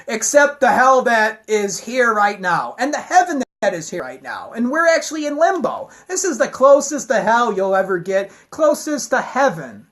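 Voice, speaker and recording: A woman's voice: on the high side, sing-song, moderate pace. A woman giving a heated, profane, rambling rant to her camera. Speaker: vlogger.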